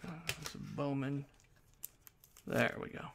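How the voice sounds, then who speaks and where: A man with a gravelly, slightly high voice hosts a hockey card break at an unhurried pace. He announces each card with a bright lift, then drops into low, mumbled side comments. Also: steady tone, very noisy.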